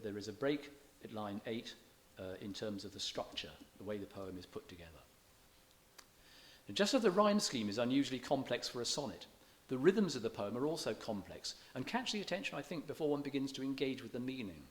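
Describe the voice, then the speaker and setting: A man with an expressive, mid-range voice gives a scholarly public talk on poetry in a church hall. He speaks in a measured way, slows down to read verse with stressed beats, and sometimes restarts his words.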